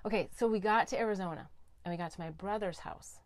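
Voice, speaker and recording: A woman hosting a talk show, telling a story to her guest with eager energy and sometimes sinking to a soft hush for heartfelt points. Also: medium pitch, fast talker, no echo. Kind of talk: animated interview storytelling. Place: recording studio.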